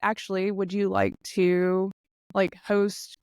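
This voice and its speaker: A woman's voice: medium pitch, little pitch movement, takes it slowly, a little mellow, clear, resonant tone, dry recording, clean studio sound. A woman guest on a podcast, chatting casually and laughing often. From eastern United States. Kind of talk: casual chat.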